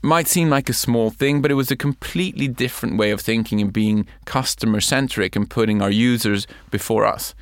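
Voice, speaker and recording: A middle-aged man from Sweden, a company head who explains his points in measured, listed steps in a conversational interview. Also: mid-range voice, smooth, no echo, clean studio sound. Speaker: company CEO and co-founder, guest.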